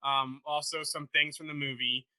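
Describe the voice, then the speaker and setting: A man's voice: fairly high pitch, little pitch movement, normal speed, pushed and bright, clear, resonant tone. A man hosting a podcast, running through news in casual chat and steering the topics carefully. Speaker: podcast host.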